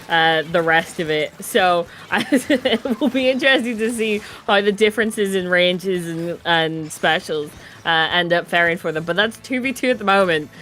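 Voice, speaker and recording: A woman's voice: fairly low pitch, a bit bright, slight background noise. A woman giving color commentary on an online video game tournament, chatty and musing, laughing often. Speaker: esports co-commentator.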